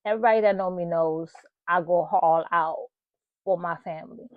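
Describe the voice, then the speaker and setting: A woman's voice: fairly low pitch, moderate pace, no room sound, phone-quality sound. A woman hosting her own channel, sharing an emotional personal testimony and talking straight to her viewers. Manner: emotional, earnest, addresses viewers directly. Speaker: channel host.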